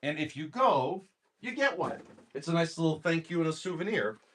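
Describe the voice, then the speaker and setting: A very animated young man opens card packs live, firing off card names in fast lists and bantering with his viewers. His pitch jumps around widely, his talk is loose and meandering, and a little hiss or hum sits under the recording.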